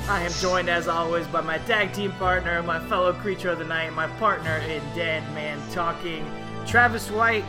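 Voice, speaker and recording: Male podcast host, slightly high voice, cheerful and chatty, faint music underneath. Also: little pitch movement, moderate pace, hardly any pauses. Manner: upbeat, jokey, rambling with fillers. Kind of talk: casual podcast chat.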